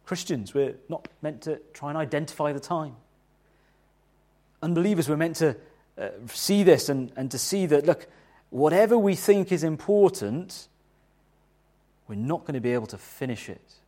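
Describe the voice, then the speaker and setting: Lively, animated male preacher. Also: a little high, normal speed. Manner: animated, conversational preaching with restarts and rhetorical questions. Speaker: pastor. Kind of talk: sermon.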